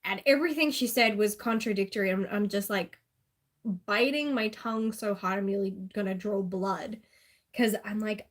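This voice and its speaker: A woman's voice: mid-range voice, moderate pace. A woman with an Australian accent chatting casually and sarcastically on a live stream, laughing often.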